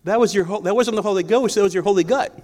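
A man's voice: high voice, quick pace, a little mellow. A man preaching a sermon in a conversational storytelling way, often restarting his sentences. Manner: conversational, storytelling, self-correcting. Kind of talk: sermon with personal stories.

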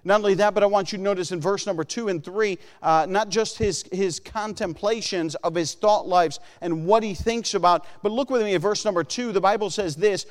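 A man's voice: high voice, brisk, few pauses. A man preaching a sermon in an earnest way, often acting out the voices he quotes. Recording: long hall reverb.

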